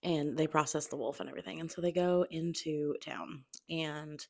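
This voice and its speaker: A woman's voice: low voice, fairly even intonation, creaky. A young woman casually recapping a fantasy novel for her book channel, blunt and profane, sometimes dropping to a near-whisper. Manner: blunt, swears freely, acts out characters in quick asides; drops to a near-whisper at times to keep quiet. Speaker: book reviewer. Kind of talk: casual spoilery book review chat. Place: home room at a table.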